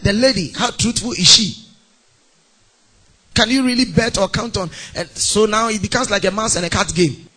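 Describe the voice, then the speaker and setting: Ghanaian male pastor with a high, sing-song preaching voice, playfully acting out scenes. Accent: Ghanaian English. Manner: animated, acts out mock phone calls and scenes. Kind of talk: sermon.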